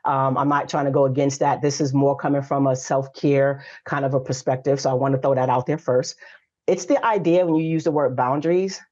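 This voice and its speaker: A woman in her forties, appearing as a guest coach on a casual podcast, tells stories in a lively, frank and emphatic way. Her voice is very deep and she talks a little fast. The audio is slightly dull and lo-fi.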